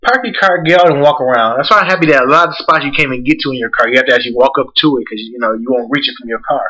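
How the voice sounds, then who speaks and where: A man's voice: mid-range voice, fairly even intonation, racing, sharp tone, low-quality recording. Blunt, profane man ranting casually. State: congested. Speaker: podcast host. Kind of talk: casual podcast chat.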